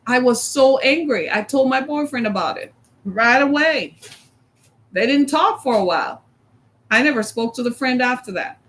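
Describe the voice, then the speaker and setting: A high-pitched, middle-aged woman giving a motivational talk. She speaks emphatically, keeps coming back to a single key word, and acts out quotes for her audience. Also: lively intonation, normal speed.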